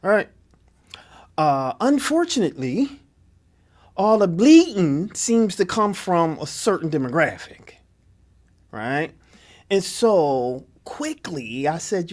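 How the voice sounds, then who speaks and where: A man's voice: sits high, slow pace, long pauses. A man hosting a community radio talk show, chatting casually and often asking "right?" for emphasis. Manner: animated, laughing, preacher-like emphasis with "right?".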